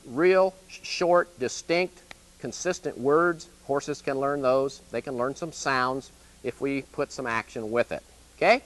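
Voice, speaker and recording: A man's voice: on the high side, a bit bright. A man with a Midwestern US accent, an extension educator giving a plain-spoken, folksy horse training lesson, often checking in with "okay?".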